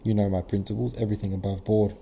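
Man reading as an imperious old prince, blunt and commanding, dark low voice, audiobook. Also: flat delivery, fast, vocal fry, breathy edge. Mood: gruff.

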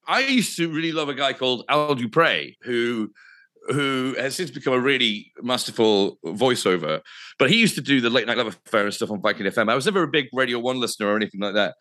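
A man's voice: mid-range voice, expressive, a little fast, sharp tone. A man, a radio presenter telling anecdotes casually, swearing freely and laughing at himself. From England.

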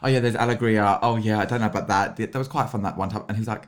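A man's voice: on the low side, fairly even intonation, very fast. Man, young, London accent, casual podcast chat, giggly, camp storytelling. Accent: London English. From England. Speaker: podcast co-host.

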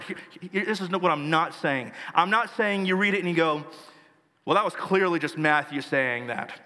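Bright-voiced preaching man in echoey hall. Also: high voice. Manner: earnest preaching with emphatic lists. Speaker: pastor. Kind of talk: sermon.

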